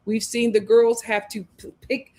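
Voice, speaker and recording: A woman's voice: a little high, level tone, moderate pace, mellow. Emphatic woman hosting a live recap. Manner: emphatic, opinionated, quotes viewers' comments. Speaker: host. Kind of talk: live show recap and commentary.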